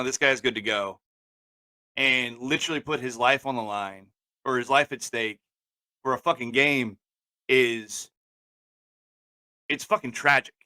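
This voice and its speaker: A man's voice: medium pitch, bright, forceful tone, clean tone, dry recording. A man co-hosting a casual talk show, swearing freely and working himself up to angry outbursts. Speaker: podcast co-host.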